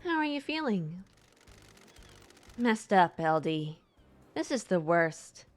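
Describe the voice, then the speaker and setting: A woman streamer reading a game's dialogue and text aloud in a plain, even way. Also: fairly low pitch, takes it slowly, faint music behind.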